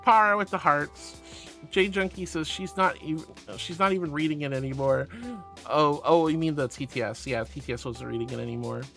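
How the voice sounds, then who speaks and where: Male streamer, bright tense voice, a bit high, playful and affectionate, faint music behind. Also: a little fast, creaky. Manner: playful, affectionate, reading chat aloud. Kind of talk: casual livestream chat.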